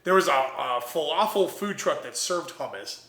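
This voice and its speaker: A young man, a podcast guest, telling an animated story and acting out the voices of the people in it. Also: a little high, normal speed, echoey room. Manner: energetic, acts out quoted voices.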